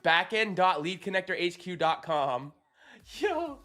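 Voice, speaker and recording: A man streaming live as he works, excitable and swearing, exclaiming in disbelief between quick technical explanations. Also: sits high, soft background music. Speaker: automation agency founder streaming live. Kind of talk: live-stream coding reaction.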